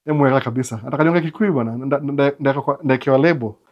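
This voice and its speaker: A man's voice: medium pitch, racing, muffled recording. Chatty Kenyan man, casual livestream. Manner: code-switching, chatty, stammering restarts. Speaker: livestream host answering viewers.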